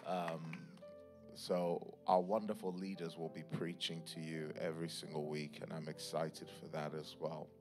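A man's voice: rumbling low, level tone, moderate pace. Fervent male pastor over music. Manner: playful, joking asides with laughter; fervent prophetic declarations, rising in force. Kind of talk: sermon with prayer and prophecy. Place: church service. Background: music playing.

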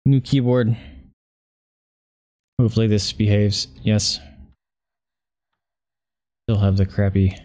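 A man's voice: lowish voice, steady tone, slow, long pauses, a little mellow. A young man streaming a horror game, muttering and cursing at his keyboard as he plays. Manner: frustrated, swearing, talking to himself. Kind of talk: casual gameplay commentary.

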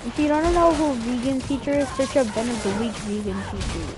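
A woman streaming a video game, giving goofy, excitable commentary full of yells and shrieks, with game music behind. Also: sits high, a little fast. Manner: goofy, loud, shrieks and play-fight yells. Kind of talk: excitable let's-play commentary.

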